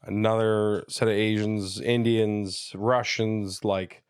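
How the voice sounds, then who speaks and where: A man in his thirties, a comedian guest telling stories in lively, casual podcast chat and often checking in with "you know what I mean.". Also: fairly low pitch, slow, clear, resonant tone, dry recording, clean studio sound. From Canada, Ontario. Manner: animated storyteller who slips into voices, says "you know what I mean" often.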